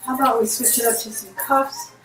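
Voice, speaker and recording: A woman hosting a live-stream jewelry sale chats warmly and casually, describing each piece as she turns it over in her hands. Her slightly high voice is fairly even in intonation and fairly quick. The indoor room gives her voice an echo, with faint music in the background.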